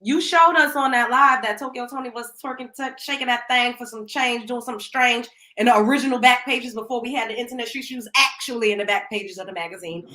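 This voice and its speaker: Woman host from Brooklyn, bright and outspoken, gossip talk in an echoey room. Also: a little high, quick pace, hardly any pauses. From Brooklyn, New York. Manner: animated, laughing, outspoken. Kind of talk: casual celebrity gossip chat.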